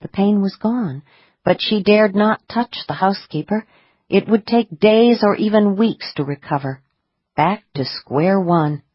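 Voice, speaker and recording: A woman reading audiobook narration in a measured, expressive way. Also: mid-range voice, breathy edge, no room sound, muffled recording.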